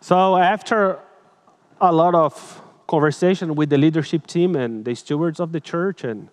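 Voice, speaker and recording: A male pastor preaching an emotional sermon through personal stories, animated and dramatic, shifting between loud and hushed, with slightly broken English phrasing. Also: on the high side, normal speed.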